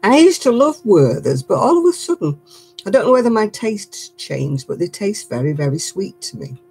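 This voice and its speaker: A woman's voice: mid-range voice, sing-song, normal speed, creaky, a little mellow, slight background noise. An older woman, a great-grandmother, chatting casually and laughing often as she reads viewer comments on her crafting livestream.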